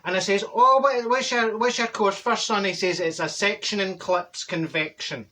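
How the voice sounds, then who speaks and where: In a character comedy monologue, a man voices a brash, chatty middle-aged Glaswegian woman who calls herself a people person and tells a comic story in a blunt, gossipy way. His voice is high, bright and forceful at normal speed.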